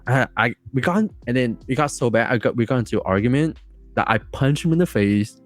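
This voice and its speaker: As a podcast guest, a man with a mid-range voice tells a story at a brisk pace, rambling casually and excitedly with lots of fillers and restarts.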